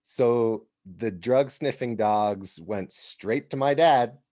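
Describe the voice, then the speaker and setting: An American man hosting a podcast, telling a travel story in an animated, casual way and laughing as he goes. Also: medium pitch, slow, no room sound, clean studio sound. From United States. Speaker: podcast host.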